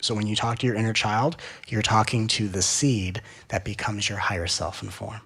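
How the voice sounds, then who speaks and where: A man giving a spiritual talk in an animated, playful way, often acting out little dialogues. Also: lowish voice, moderate pace, breathy edge. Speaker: spiritual teacher.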